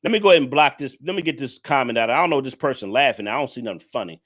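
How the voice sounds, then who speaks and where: A man's voice: medium pitch, lively intonation, very fast, fairly bright tone. A man hosting a livestream, scolding his viewers in a preachy, repetitive rant. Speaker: livestream commentator. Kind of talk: ranting livestream commentary.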